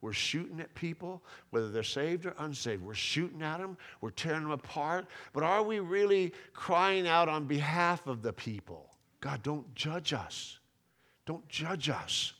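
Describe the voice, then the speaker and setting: A man's voice: a little high, lively intonation, normal speed, hardly any pauses, fairly bright tone. Emphatic preaching man. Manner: conversational preaching, rising to emphatic peaks, restarts and repeated words. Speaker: pastor. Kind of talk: sermon.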